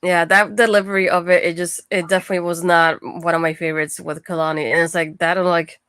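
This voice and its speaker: A woman hosting a casual wrestling recap, chatty and quick to laugh, with lots of fillers like "like". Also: on the low side, little pitch movement, a bit bright, smooth, no echo, clean studio sound. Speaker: podcast host.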